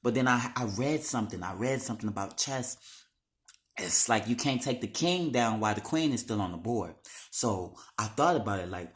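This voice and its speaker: A man's voice: fairly low pitch, lively intonation, moderate pace. A young man talking straight to the camera in a raw, emotional monologue, slangy and full of swearing.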